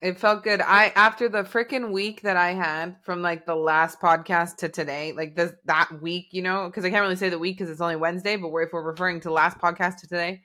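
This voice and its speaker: Woman, podcast co-host, video call, bright edgy voice, laughs easily, mild exclamations. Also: fairly low pitch, fairly even intonation, fairly quick, few pauses. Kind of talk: casual chat.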